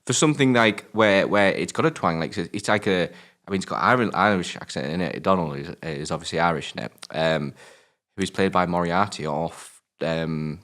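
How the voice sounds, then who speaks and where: British male co-host, very low voice, loose rambling film chat with fillers. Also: normal speed, fairly bright tone. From Britain. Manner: rambling, many fillers and restarts, swears casually. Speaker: film review podcast co-host. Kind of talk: casual film discussion.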